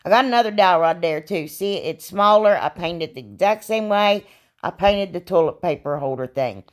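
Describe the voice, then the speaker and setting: A woman, a bit hoarse from losing her voice, rambling chattily through a crafting voiceover as a channel host. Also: on the low side, animated, moderate pace. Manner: chatty, rambling, self-deprecating, frequent "y'all" and "anyway".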